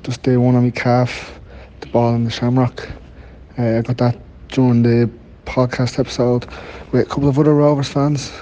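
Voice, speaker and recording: A man's voice: medium pitch, little pitch movement, moderate pace, warm tone, rough recording. A young man answering questions in casual chat, hesitant with dry humour.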